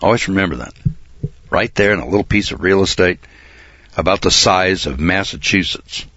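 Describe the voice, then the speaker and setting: A man teaching Bible prophecy in sermon style, reading verses aloud and explaining them, often clearing his throat. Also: deep voice, moderate pace, pushed and bright, no echo. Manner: reads scripture aloud then explains it. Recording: dull, lo-fi dry recording.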